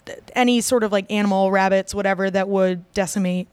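Chatty woman with a smooth voice. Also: medium pitch, steady tone, fairly quick, a little mellow, no echo. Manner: rambling, many fillers and restarts. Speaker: podcast co-host. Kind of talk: casual chat.

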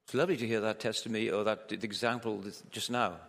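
A man with a lowish, fairly bright voice, steady tone, and vocal fry preaches quickly at a church camp. He keeps it conversational and joking, asking many rhetorical questions, and the hall echoes with long reverb.

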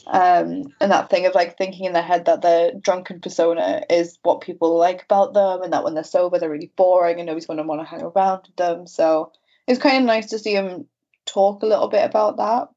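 A woman's voice: on the low side, steady tone, a little fast, warm tone, lo-fi sound. A woman co-hosting a podcast in casual chat, candid and chatty, often saying "like". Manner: chatty, frequent "like", candid and self-deprecating.

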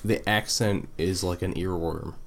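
A man's voice: low-pitched, a little slow, vocal fry, slight background noise. A man co-hosting a casual review chat, rambling with lots of fillers and the odd swear. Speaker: podcast co-host.

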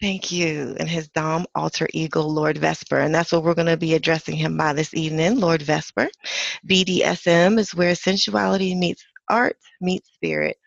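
A woman's voice: on the low side, gravelly, no room sound, lo-fi sound. A woman co-hosting a podcast, upbeat and affirming as she reads out the guest's introduction. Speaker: podcast co-host.

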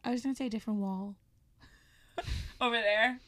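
High, bright young woman bantering. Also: steady tone, moderate pace. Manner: chatty, playfully argumentative. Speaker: podcast co-host. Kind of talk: casual chat. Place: small home studio room.

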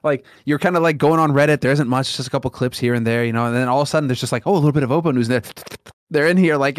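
A man's voice: on the high side, fast, dry recording, clean studio sound. A man co-hosting an esports podcast, talking in an easygoing, rambling way. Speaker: podcast co-host. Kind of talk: casual podcast chat.

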